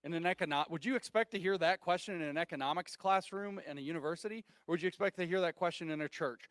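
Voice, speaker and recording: Male lecturer, higher pitch, emphatic, asks rhetorical questions, dry recording. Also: quick pace, fairly bright tone, dry recording. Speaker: speaker giving a talk. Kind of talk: public lecture.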